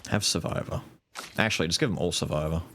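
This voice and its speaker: A man streaming a video game live, thinking out loud, muttering to himself and swearing now and then as he plans. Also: low-pitched, quick pace, a little hiss or hum. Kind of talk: casual live-stream gaming commentary. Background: game music.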